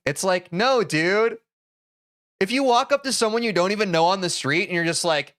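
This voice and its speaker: A young man streaming live, heated and swearing as he talks to his chat about boundaries, then calming into careful apologies. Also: high-pitched, a little fast, no room sound, clean studio sound. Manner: heated, swears a lot, switches to calm apologies.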